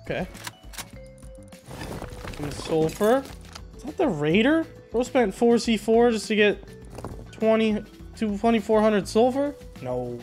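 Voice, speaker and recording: A man's voice: high-pitched, very animated, a little slow, long pauses, a little mellow, faint music behind. A young man giving casual gameplay commentary, laid-back and joking, with a self-mocking tone. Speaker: gaming video host.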